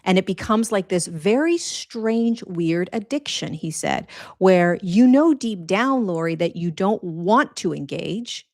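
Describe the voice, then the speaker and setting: A woman's voice: mid-range voice, lively intonation, a little slow, few pauses, darkish tone, no echo, clean studio sound. A middle-aged woman giving an earnest, rambling spiritual talk to her followers, casual and conversational with many restarts and fillers. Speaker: spiritual teacher.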